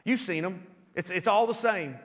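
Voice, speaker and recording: A man preaches a sermon with a lot of animation, dropping into little acted scenes to drive home his points. His voice sits high for a man. Long reverb from the church hall trails after his words. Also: moderate pace, a bit bright. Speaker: pastor. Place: church sanctuary.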